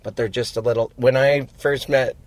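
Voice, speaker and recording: A man's voice: medium pitch, fairly even intonation, normal speed, darkish tone, low-quality recording. A man co-hosting a podcast, chatting in a dry, rambling, jokey way from a moving car. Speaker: podcast co-host. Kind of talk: casual chat.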